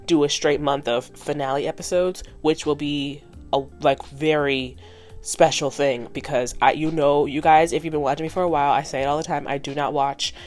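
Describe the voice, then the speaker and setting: With soft music in the background, a woman in her twenties uses a deep voice at a moderate pace to casually recap a cartoon episode. This vlogger reacts in an animated, blunt way, swearing freely and musing aloud.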